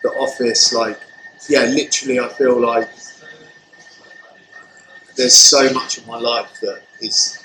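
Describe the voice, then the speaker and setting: A man's voice: mid-range voice, little pitch movement, slow pace, long pauses, bright, forceful tone. A man in his thirties, a chef guest on a podcast, chatting casually and rambling with many fillers and restarts. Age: 30s. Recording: echoey room with background noise.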